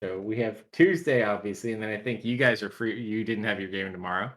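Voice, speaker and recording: A man narrates as game master of a tabletop game, relaxed and full of "like" and "um". His voice sits low but has a bright, pushing edge to it. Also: a little fast. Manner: loose, filler-heavy narration.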